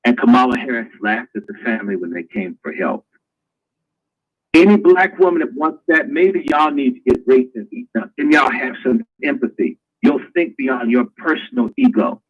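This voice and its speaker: Husky man ranting on a lo-fi stream. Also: mid-range voice, lively intonation, normal speed. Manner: ranting, preachy, crude. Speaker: host. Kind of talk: live online talk show.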